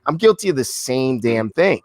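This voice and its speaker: This podcast host runs an interview in a loose, effusive manner, repeating himself and calling his guest "man" and "brother." His mid-range voice is sing-song at a moderate pace, and the recording is dry.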